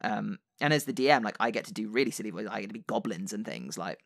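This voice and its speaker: A man with a low, gravelly voice talks casually on a podcast, full of fillers and restarts. His voice sounds dry and close, with no room around it. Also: animated, fast talker, no echo. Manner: chatty, many fillers and restarts. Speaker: podcast host and dungeon master.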